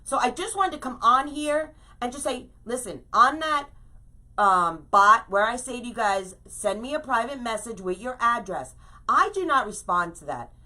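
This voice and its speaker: A woman's voice: fairly high pitch, expressive, moderate pace, sharp tone. A middle-aged woman hosting a live crafting stream, talking casually and ranting emphatically, often tagging her lines with "okay?".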